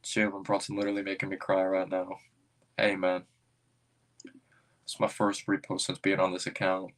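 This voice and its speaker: Low-voiced man chatting on a fan stream. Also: normal speed. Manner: rambling, excitable, thinks aloud. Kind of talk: casual livestream chat.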